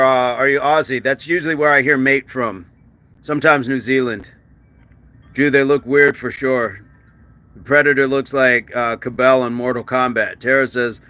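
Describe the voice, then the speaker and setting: A man hosts a laid-back livestream with a bright, forceful voice. He chats and jokes with his viewers, slipping in quick asides and restarting sentences as he answers their comments between sets of push-ups. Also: medium pitch. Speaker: livestream host. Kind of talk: casual live-stream chat, reading comments aloud.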